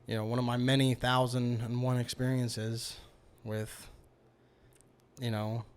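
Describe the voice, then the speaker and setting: A clear, resonant mid-range voice carries a level tone at a measured pace. The man, a podcast guest, tells a long personal story casually and ramblingly, filling it with "you know" and "like".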